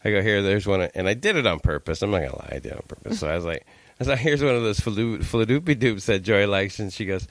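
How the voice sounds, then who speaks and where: A man's voice: fairly low pitch, quick pace, dry recording. A man co-hosting a podcast, teasing and joking in casual banter, swearing now and then. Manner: teasing, deadpan jokes, swears. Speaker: podcast co-host.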